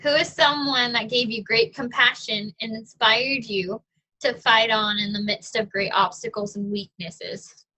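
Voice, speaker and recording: A woman's voice: a little high, steady tone, a little slow, bright, forceful tone, rough recording. A young adult woman, a guest speaker, giving a casual, chatty personal testimony with fillers and frequent laughs.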